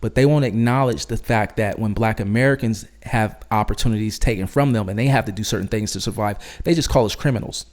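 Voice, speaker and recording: A man's voice: fairly low pitch, quick pace, few pauses. A man hosting a commentary channel, reacting to clips in an emphatic, argumentative, lecturing way.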